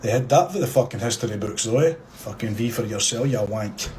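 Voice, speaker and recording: A man with a Scottish accent on a live show. He delivers an angry political rant, swearing heavily, loud and defiant. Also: mid-range voice, expressive, brisk. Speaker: guest or caller. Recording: noisy background.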